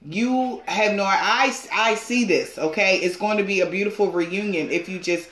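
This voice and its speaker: Role: tarot reader. Style: casual reading to viewers. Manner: emphatic, pushy, laughs often, swears casually. Pitch: middle. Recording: roomy echo. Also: moderate pace, few pauses, a bit bright.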